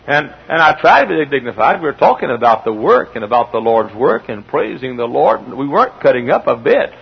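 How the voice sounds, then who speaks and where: A man preaching a sermon, telling stories with animation and building to shouts. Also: medium pitch, gravelly, slightly rough. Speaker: pastor. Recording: dull lo-fi archival sermon tape.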